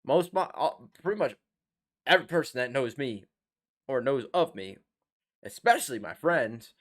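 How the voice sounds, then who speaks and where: A man's voice: a little high, a bit bright. Blunt, profane man ranting on a stream. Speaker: live-stream reaction host. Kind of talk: casual reaction-stream rant. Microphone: desk USB microphone.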